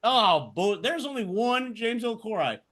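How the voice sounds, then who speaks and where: High, bright-voiced man ranting. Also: animated, unhurried. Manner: profane, heated ranting. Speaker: podcast co-host. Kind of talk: casual chat.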